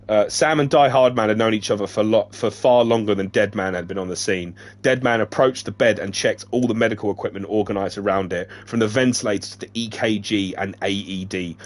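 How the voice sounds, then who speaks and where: A man reading a novel aloud on a stream, stumbling over words and breaking off for joking asides. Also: on the low side. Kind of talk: casual read-aloud with asides.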